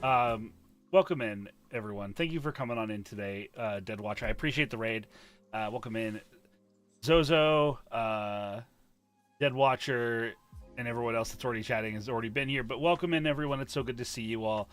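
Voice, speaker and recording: Bright-voiced joking male streamer. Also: mid-range voice, fairly quick, soft background music. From US Midwest. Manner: joking, profane, laughs often. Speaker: streamer host. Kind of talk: casual stream chat.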